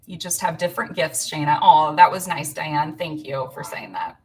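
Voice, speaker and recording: A woman's voice: deep voice, moderate pace, darkish tone. A woman in her thirties, from Illinois, filling in as host of a casual live stream, chatting and rambling to viewers with frequent laughs. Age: 30s. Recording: voice a bit far from the mic.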